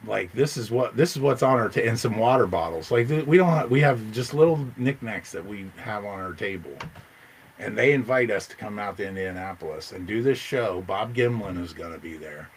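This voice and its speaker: Excitable storytelling man, faint hiss. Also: brisk, poor audio. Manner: excited, rambling, jumps into loud high quoted voices. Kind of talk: casual storytelling.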